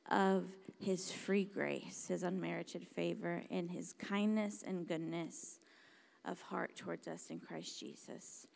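Woman preaching slow n dramatic, goes from whispers to big loud bits, mid pitch. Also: gravelly. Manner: dramatic, swings from hushed whispers to loud exclamations; emphatic, repeats words for stress. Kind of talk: sermon.

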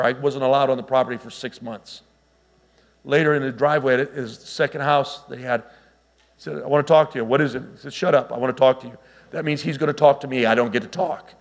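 A middle-aged man preaching a sermon, telling stories with lively asides to the congregation. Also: mid-range voice, fairly quick. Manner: animated storytelling with asides to the congregation. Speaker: pastor.

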